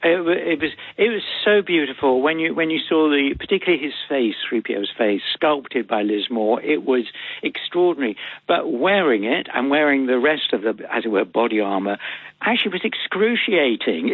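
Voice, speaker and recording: An older English actor telling stories as an interview guest, animated and theatrical, heard over a phone line. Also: male voice, medium pitch, slightly rough, no room sound. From England.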